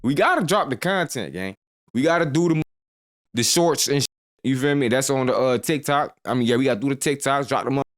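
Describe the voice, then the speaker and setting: A man's voice: mid-range voice, animated, fairly quick. A man hosting a reaction video, giving a hyped, slangy pep talk that keeps circling back to the same catchphrases. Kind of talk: reaction commentary.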